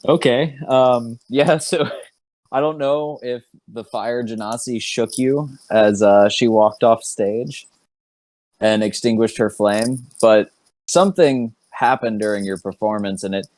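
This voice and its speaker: A man's voice: medium pitch, unhurried, darkish tone, no room sound. A man narrating as game master in an online tabletop game, laid-back and laughing often. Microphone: online voice chat.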